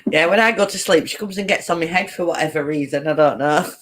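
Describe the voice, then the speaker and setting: A woman's voice: deep voice, quick pace, a bit bright. A woman hosting a casual live-stream chat, giggling often and greeting viewers as she reads their comments.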